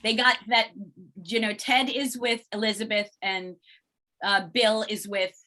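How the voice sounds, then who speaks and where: A middle-aged actress chatting as an interview guest, telling stories in an animated way and acting out what people said. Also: female voice, medium pitch, unhurried. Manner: animated storyteller acting out quoted exchanges. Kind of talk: casual interview chat.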